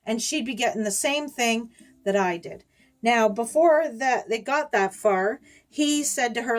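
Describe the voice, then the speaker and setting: A woman's voice: a little high, unhurried, soft background music. A middle-aged woman telling a story to her viewers in a chatty, rambling way, with small laughs slipped between words. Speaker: YouTuber warning viewers about scammers. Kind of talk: casual storytelling to camera.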